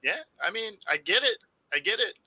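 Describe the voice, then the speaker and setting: A man co-hosting a sports talk show, relaxed and teasing, with easy laughter and hesitant restarts. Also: sits high, fairly quick, dry recording, low-quality recording. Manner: relaxed, sarcastic, laughs easily. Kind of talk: casual sports debate.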